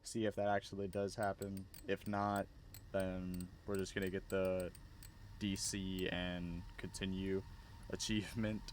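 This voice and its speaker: A man's voice: low voice, flat delivery, a little slow, a little hiss or hum. A man giving casual, laid-back gameplay commentary with slangy asides as a gaming YouTuber.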